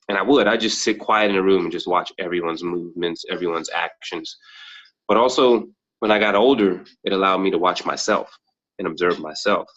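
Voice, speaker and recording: A man's voice: on the low side, fairly bright tone. A man appearing as a podcast guest, telling thoughtful personal stories and acting out the dialogue in them. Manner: thoughtful, acts out quoted dialogue. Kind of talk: reflective personal storytelling. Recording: dull lo-fi sound.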